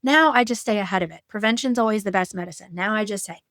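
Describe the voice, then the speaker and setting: A woman's voice: medium pitch, fast, fairly bright tone, dry recording. Conversational woman coach, dry sound. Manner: conversational, with fillers and acted-out quotes. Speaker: betrayal trauma coach. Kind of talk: educational talk with personal examples.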